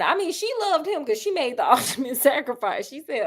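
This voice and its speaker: Brief: lively woman vlogger chatting through a movie review, higher-pitched voice. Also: normal speed, hardly any pauses. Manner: animated, chatty, calls viewers girl and honey. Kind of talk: casual chatty film review.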